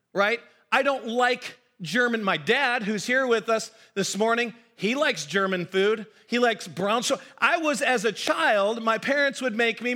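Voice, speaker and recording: Bright, high-voiced American pastor preaching. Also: male voice. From United States. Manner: conversational, self-deprecating asides, repeats words while building a point. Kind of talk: sermon. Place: church hall.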